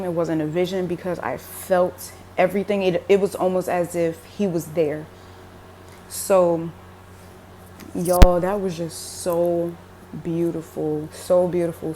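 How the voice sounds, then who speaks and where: A woman's voice: fairly low pitch, steady tone, moderate pace, dark tone, a little hiss or hum. A young woman telling a religious dream in a casual, emotional way, with many fillers like "like" and "um". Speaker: religious vlogger. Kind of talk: casual spoken dream testimony.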